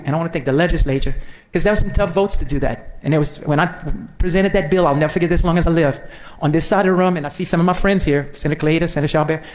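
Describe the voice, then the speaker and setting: A man's voice: fairly high pitch, darkish tone. A man, a state senator giving a folksy, storytelling farewell speech to the legislature.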